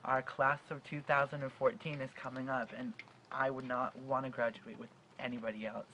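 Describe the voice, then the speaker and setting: A man's voice: mid-range voice, little pitch movement, normal speed, bright, forceful tone, slight background noise, rough recording. Earnest young man with a stutter. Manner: earnest, heartfelt, with stutters and restarts. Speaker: vlogger. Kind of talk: personal advice vlog.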